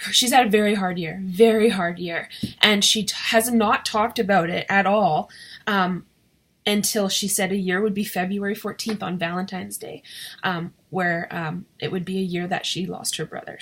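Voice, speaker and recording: A woman's voice: medium pitch, a bit bright. A woman talking casually to camera in a vlog, emotional and shaky, rambling with many fillers and restarts. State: shaky and teary. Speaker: direct sales consultant vlogger.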